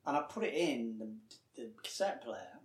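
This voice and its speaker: An actor being interviewed, telling stories with lively acted-out quotes and frequent laughter. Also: male voice, medium pitch, a little slow, echoey room, slight background noise. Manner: animated storyteller, acts out quoted voices, laughs often. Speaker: actor guest. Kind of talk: anecdotal interview chat.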